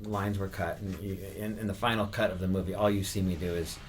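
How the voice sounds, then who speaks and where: A man's voice: low-pitched, fast, slight background noise. A middle-aged man casually telling a story in a podcast chat, acting out the voices he quotes. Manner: animated, acts out voices in quotes.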